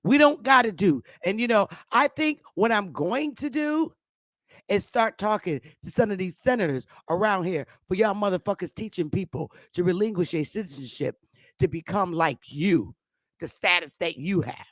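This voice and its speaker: A woman's voice: mid-range voice, animated, moderate pace, no echo. Blunt, profane woman ranting on a livestream. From United States. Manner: greets viewers by name. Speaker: YouTube livestream host. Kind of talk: heated livestream rant.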